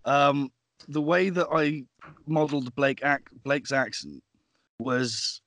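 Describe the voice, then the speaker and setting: A man's voice: mid-range voice, fairly even intonation, takes it slowly, a bit bright, no room sound, clean studio sound. A man who works as a voice actor and audiobook producer, talking in a casual podcast interview, thoughtful and often restarting his sentences. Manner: thoughtful, with frequent restarts and fillers.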